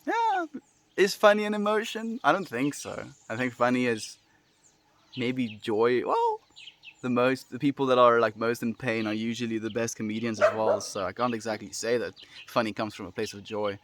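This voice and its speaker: A man hosting a daily livestream, reading chat comments aloud and answering them in a relaxed, friendly way with lots of fillers. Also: mid-range voice, normal speed. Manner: relaxed and friendly, many fillers, laughs often. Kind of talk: casual chat.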